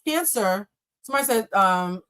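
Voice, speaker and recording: A woman reads tarot on a live stream. She is animated and blunt, and she talks straight to her viewers and swears freely. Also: medium pitch, normal speed. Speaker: tarot reader.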